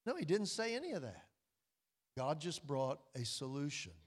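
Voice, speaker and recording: A man preaching a sermon in a church hall, his slightly high voice carrying a long reverb. He talks in a folksy, storytelling way, sinking into quiet, drawn-out emphasis on key lines. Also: sing-song. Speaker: pastor.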